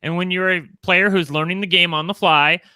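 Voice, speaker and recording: A man's voice: high voice, steady tone, a little fast, bright, forceful tone, clean tone, dry recording. A man co-hosting a podcast, chatting casually and bluntly with plenty of profanity and filler "like"s. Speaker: podcast co-host. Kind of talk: casual recap chat.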